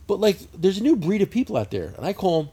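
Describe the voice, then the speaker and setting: A man with a high, husky voice, spinning a profane, animated story. His pitch swoops up and down as he talks, and he breaks into laughter along the way. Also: fast. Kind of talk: casual podcast chat.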